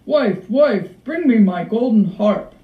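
A woman's voice: expressive, slow pace. A woman voicing a huge, greedy male giant who bellows and chants his demands. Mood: bellowing. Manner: booming, chanting. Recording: echoey room, far from mic, dull.

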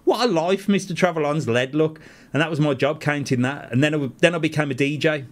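A man's voice: on the high side, brisk. A man, a travel channel host who chats casually on a live stream from a studio, reads viewers' comments aloud and answers them with self-mocking laughs. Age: 40s.

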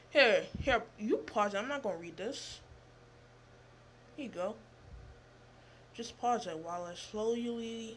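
Young woman vlogger, rambling and animated. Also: medium pitch, unhurried, slight background noise. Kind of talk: casual rambling storytelling.

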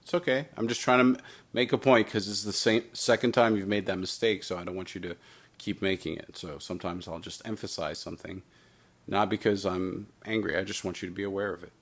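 Male math teacher, fairly low voice, works through problems aloud with light playful asides. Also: fairly even intonation, brisk. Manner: talks through steps with himself, playful asides. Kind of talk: recorded math lesson walkthrough.

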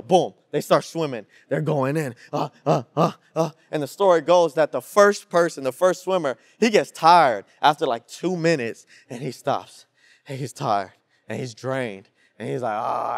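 A young man preaching to a youth group in a slangy, energetic style with call-and-response. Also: a little high, dry recording, clean studio sound. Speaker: youth pastor. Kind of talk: sermon.

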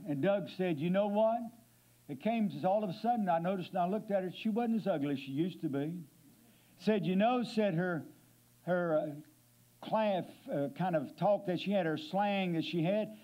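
A man preaching a sermon from a church pulpit, his voice sitting high for a man. He slows down on the scripture lines and drops into quiet, low passages for effect. The church recording sounds dull and muffled. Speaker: guest preacher. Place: church sanctuary.

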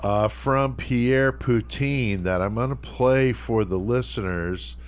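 A man's voice: mid-range voice, slow, clean tone. A man hosting a podcast in a laid-back, casual way. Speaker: podcast host.

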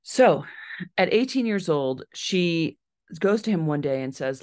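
Speaking a little slowly in a lowish voice, a woman author tells a true story during a library talk. She's an animated storyteller, acting out the people in the tale by voicing their quoted lines.

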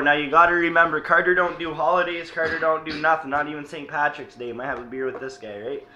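A young man recounts a story straight into his camera. His voice is forceful and bright, with easy cursing and bursts of laughter. The room sounds echoey, with a faint hiss underneath. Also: a little high, a little fast. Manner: laughing, cursing, animated retelling. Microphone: camera mic.

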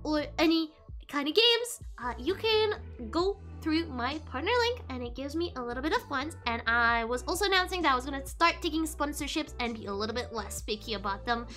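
High, lively, bright-voiced woman streamer. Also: fairly quick. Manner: rambling, giggly, self-interrupting. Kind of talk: casual stream chat. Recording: faint background music.

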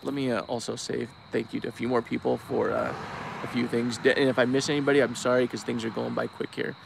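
Gravelly man on a rambling live stream. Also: medium pitch, flat delivery, fast talker, noisy background. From Bend, Oregon. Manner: rambling, restarts, thanks donors by name. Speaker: search-and-recovery diver, live-stream host. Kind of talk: casual live-stream update. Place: outdoors at night by an RV.

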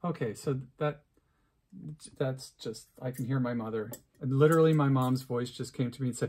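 Middle-aged male craft vlogger, rambling, self-deprecating and chatty, mid-pitched voice. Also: fairly even intonation, moderate pace, darkish tone, a little hiss or hum. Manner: rambling, self-mocking, chatty with many fillers. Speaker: crafts video host. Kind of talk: unscripted casual craft vlog.

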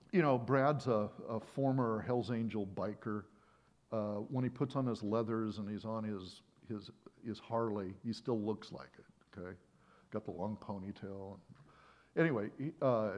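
A male pastor telling a story during a sermon in a conversational, animated way, often restarting his phrases. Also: on the low side.

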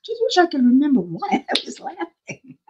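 A woman's voice: high voice, huge pitch swings, normal speed, lo-fi sound, noisy background. An older woman hosting a casual craft livestream, chatting in a rambling, self-deprecating way and laughing often. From South Florida.

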